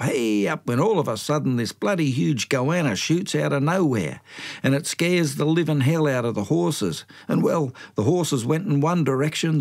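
Older Australian bloke, colloquial yarn-spinner, self-mocking storytelling. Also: male voice, mid-range voice, a little mellow. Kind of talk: spoken storytelling.

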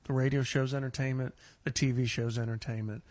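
A man's voice: mid-range voice, flat delivery, fairly quick, a little mellow, dry recording. A man hosting a casual conversation, rambling and repeating words as he tells stories. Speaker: show host and building restorer.

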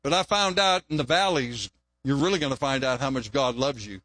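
A man's voice: mid-range voice, a little fast, fairly bright tone. A man preaching a sermon in an earnest way, repeating phrases and lifting his voice when he quotes prayers.

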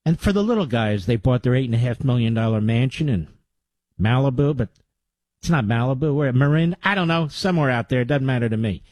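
A man's voice: mid-range voice, lively intonation, fast talker, darkish tone, no echo. A man hosting a talk radio show, delivering a combative, sarcastic monologue into a studio mic.

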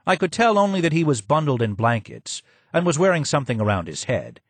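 A man reading scripted audiobook narration in a measured, even way. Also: on the high side, husky, no echo.

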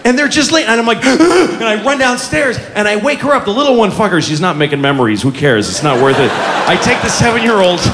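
A middle-aged man on a comedy club stage tells a story in a high, very lively voice that swoops up and down. He swears freely and acts out the people in it. A loud laughing crowd and constant noise fill the live recording. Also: fairly quick, few pauses, in a large hall. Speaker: stand-up comedian. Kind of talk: stand-up comedy routine.

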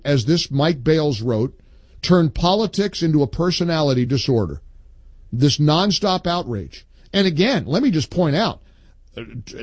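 A man hosting a call-in talk radio show, reading listener posts aloud with emphatic pauses and chatting with callers. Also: a little high, husky, no echo.

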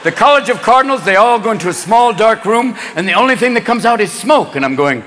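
A man's voice: sits high, animated, fast. A male stand-up comedian performing a manic routine live, jumping in and out of wild character voices. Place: large theater stage. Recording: live show, hall reverb, loud crowd.

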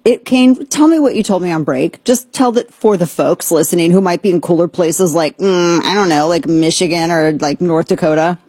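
A woman with a lowish, slightly breathy voice hosts a radio talk show from a studio, speaking at normal speed with few pauses. She rambles and jokes through opinionated chat, tossing in animated asides, all captured dry on a studio mic.

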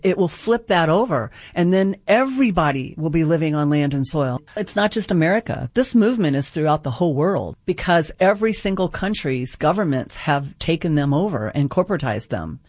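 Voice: mid-range voice, lively intonation, brisk, few pauses, darkish tone, no room sound, clean studio sound. A radio guest and group organizer explaining ideas earnestly, often checking in with the listener. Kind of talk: explanatory radio interview talk.

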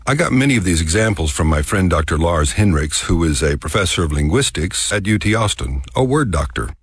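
A Texas man with a very low, slightly husky voice tells a scripted radio story in an easy, folksy way. He stretches his vowels slowly when he shows how words are said. The studio sound is dry and close. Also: sing-song, dry recording. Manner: folksy, drawn-out demonstration of words.

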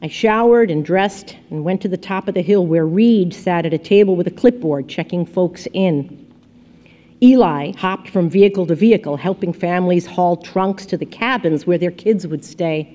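Soft-spoken woman reading a novel aloud. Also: fairly low pitch, normal speed, dull audio. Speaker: audiobook narrator. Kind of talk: scripted first-person narration.

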